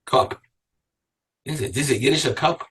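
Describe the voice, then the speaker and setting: A man's voice: medium pitch, expressive, moderate pace, a bit bright, breathy edge, far from the mic, poor audio. A man teaching a Torah class as a rabbi, reading verses aloud and then asking his listeners pointed questions. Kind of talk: Torah lecture to a live class.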